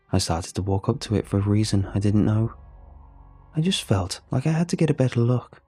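A man narrating a first-person horror story in a steady, measured way. His voice is low and dark, with a husky edge. Faint music plays behind him.

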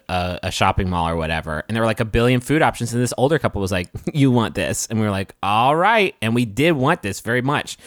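A man co-hosting a comedy podcast, rambling through a story in a casual, animated way. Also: medium pitch, dry recording, studio quality. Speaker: podcast co-host. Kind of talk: comedic casual chat and reading aloud.

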